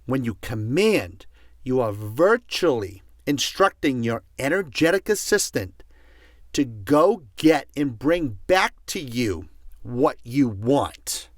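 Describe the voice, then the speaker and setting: A self-help speaker with a mid-range, sing-song voice teaches a motivational audio course, taking his time. He's passionate and emphatic, repeating key words for force and getting loud. The sound is clean studio audio with no room tone.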